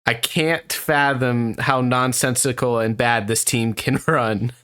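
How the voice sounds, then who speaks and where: Young man, sports podcast host, teasing, laughing a lot, medium-pitched voice. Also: steady tone, takes it slowly, sharp tone, smooth. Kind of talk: casual sports podcast chat.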